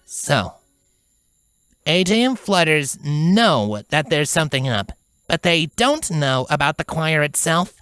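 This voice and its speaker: A woman's voice: sits low, sing-song, slow pace, fairly bright tone, smooth, no room sound, clean studio sound, soft background music, heavily acted. A woman voicing a tough, stern female pegasus guard in a fan fiction audiobook, with blunt, urgent warnings.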